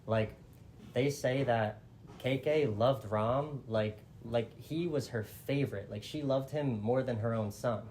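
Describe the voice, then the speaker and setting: A man's voice: mid-range voice, measured pace, darkish tone, slight background noise. A man telling an old epic in a casual, chatty way, full of fillers like "like" and small restarts. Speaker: storyteller. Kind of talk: casual oral storytelling.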